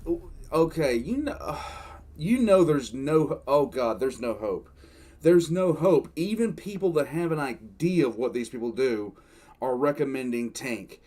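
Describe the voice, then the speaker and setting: An older man casually reacting to a story, mid-pitched and conversational. He breaks in with exasperated groans and dry asides, a host talking over a reading. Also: expressive, a little slow, a little mellow.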